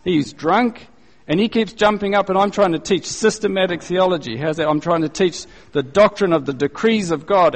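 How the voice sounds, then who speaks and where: A male pastor preaching a sermon in a conversational, animated way, using casual slang and acting out the people he quotes. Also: high voice, moderate pace. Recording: long reverb, echoey hall.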